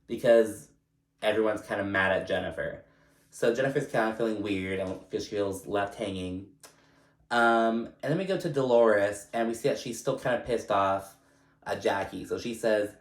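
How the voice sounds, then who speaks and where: A man's voice: fairly low pitch, moderate pace. Chatty man recapping, echoey room. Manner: chatty, lots of fillers, swears freely. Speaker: recap vlogger. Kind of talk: casual recap vlog.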